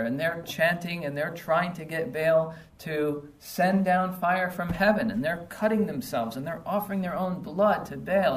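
A man preaching with biting sarcasm, his voice sitting a little high for a man. He sounds set back from the mic in a roomy, echoing space. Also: far from the mic. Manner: emphatic, sarcastic, acts out biblical taunts. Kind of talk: sermon.

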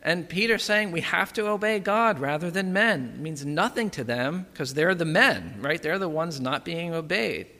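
A man's voice: on the high side, expressive, moderate pace, few pauses, bright, forceful tone. A man preaching a sermon in a conversational way, often checking in with "right?" and "okay". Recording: long hall reverb.

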